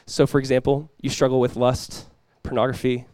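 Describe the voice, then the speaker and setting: A young adult man preaching a sermon as pastor, energetic and conversational, often restarting his phrases. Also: mid-range voice, normal speed, dry recording.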